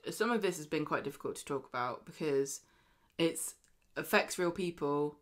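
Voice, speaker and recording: A woman co-host talks through the week's soap episodes in a loose, chatty way. Her voice sits a little low, and she slips into characters' lines with sudden emphasis. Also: moderate pace. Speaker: podcast co-host. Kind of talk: casual chat reviewing a soap.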